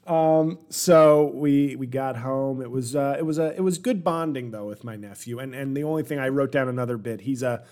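A man's voice: mid-range voice, normal speed, darkish tone. A man in his forties hosting a comedic solo podcast, rambling and self-deprecating, with wry asides to his listeners. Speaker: podcast host.

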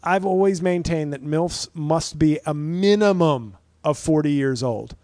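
A man in his thirties talks alone into a podcast mic in a loose, rambling monologue, wry and freely profane. His voice sits a bit high for a man. The sound is close and dry, with no room in it. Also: measured pace, warm tone, no echo. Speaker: podcast host and stand-up comedian. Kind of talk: casual solo podcast monologue.

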